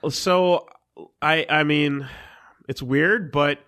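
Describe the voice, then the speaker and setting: A man's voice: a little high, pushed and bright. Rambling young man, casual podcast host. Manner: rambling, halting, lots of fillers and restarts, swears casually. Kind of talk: casual chat.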